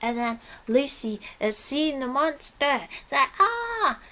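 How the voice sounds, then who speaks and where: A woman reviewing an audio drama, retelling the plot in a halting, breathless way with many restarts. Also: sits high, a bit bright.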